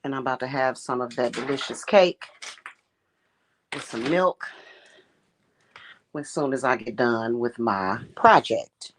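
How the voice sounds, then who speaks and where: A woman who is a high priestess and spiritual reader, talking in a casual livestream monologue in a deliberate, emphatic and blunt manner. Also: slight background noise, low-quality recording. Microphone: streaming setup.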